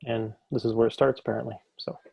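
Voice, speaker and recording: A man's voice: medium pitch, level tone, fast talker, vocal fry, mellow, slightly rough, no echo. A young man politely introducing himself as a fire explorer in an online class. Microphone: video call. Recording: dry, muffled video-call audio.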